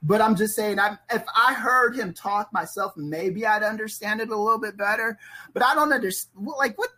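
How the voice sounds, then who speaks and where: A woman's voice: mid-range voice, moderate pace, pushed and bright, rough recording. A woman co-hosting a casual podcast chat, ranting in disbelief, laughing often and swearing freely. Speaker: podcast co-host.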